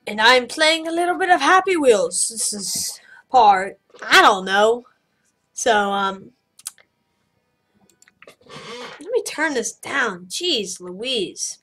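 A woman giving casual let's-play commentary, excitable, crying out loudly at every mishap and then muttering quietly. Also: a little high, slow, long pauses. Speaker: gameplay commentator.

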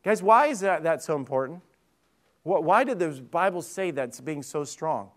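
High-voiced pastor preaching conversationally. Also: male voice, lively intonation, moderate pace, a bit bright. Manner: conversational preaching with frequent restarts and questions to the congregation. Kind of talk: sermon. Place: church sanctuary.

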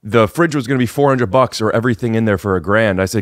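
A man's voice: fairly low pitch, fast talker, no room sound, clean studio sound. A man hosting a podcast from his living room, rambling and restarting as he chats with a guest. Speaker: podcast host. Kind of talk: casual chat. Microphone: podcast microphone.

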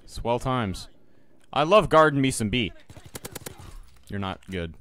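A man's voice: medium pitch, expressive, slow, fairly bright tone, a little hiss or hum. A young man talking casually over his own gameplay, joking and muttering to himself and his viewers, with sudden yelps. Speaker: gaming YouTuber. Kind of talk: live gameplay commentary.

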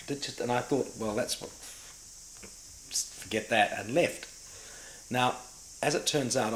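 Middle-aged New Zealand actor, fairly low voice, animated storyteller, echoey room with faint ambience. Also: male voice, slight background noise. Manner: animated storyteller who acts out remembered dialogue. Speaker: actor and director interviewee. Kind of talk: casual anecdotal interview.

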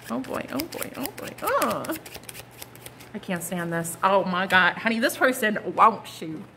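A woman's voice: sits high, expressive, moderate pace, bright, forceful tone, a little hiss or hum. A woman giving a casual, gushing tarot reading, full of slang and asides. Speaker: tarot card reader.

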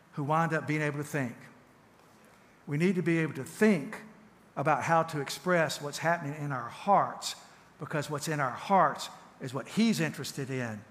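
A man giving a sermon in a church, emphatic, swinging from loud urging to hushed tenderness and repeating his phrases. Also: fairly high pitch. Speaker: church speaker. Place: church hall. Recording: echoey church hall with long reverb.

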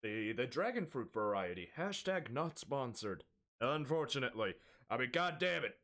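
A young male streamer opening his stream with loose, rambling chat. He laughs a lot, breaks off into self-mocking jokes, and sounds wired on an energy drink. His voice sits at an ordinary pitch for a man. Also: sing-song, moderate pace, a bit bright.

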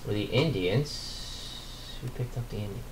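A man hosting a card break, chatting casually and excitably as he opens packs and reads out the players and teams. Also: fairly low pitch, measured pace, background noise. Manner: chatty, excitable, muttering asides while opening packs. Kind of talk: live card-break commentary.

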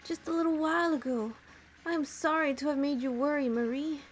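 A woman reading the lines of a gentle, polite young prince in a video game. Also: high-pitched, fairly even intonation, brisk, soft background music, lightly acted.

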